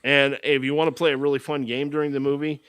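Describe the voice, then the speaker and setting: A man's voice: mid-range voice, little pitch movement, fast talker, a bit bright, clean tone, no room sound. A man hosting a podcast, recapping a movie in a casual, sarcastic, mocking way. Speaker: podcast host.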